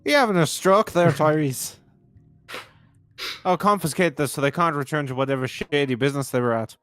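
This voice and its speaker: A man's voice: on the high side, a little fast, a bit bright, clear, resonant tone, lightly acted. A man voicing a bumbling, self-important police officer, reading game dialogue with indignant bluster. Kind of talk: game dialogue read aloud.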